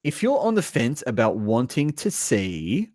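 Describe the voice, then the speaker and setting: Speaking a little slowly in a mid-range voice, this man runs a casual live reaction stream about horror movies, captured with a dry, clean studio sound. Animated and sweary, he gives blunt takes on each film on the list and reads comments from chat aloud.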